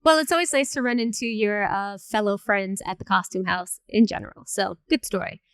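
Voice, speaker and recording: A woman moderating a panel who tells stories in a chatty, lively way with many fillers. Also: medium pitch, brisk, smooth, no room sound. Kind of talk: panel storytelling.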